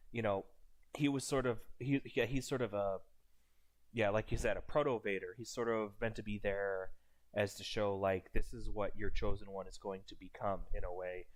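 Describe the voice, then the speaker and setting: Rambling man streamer, lowish voice. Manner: rambling, with fillers and restarts. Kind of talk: casual reaction commentary.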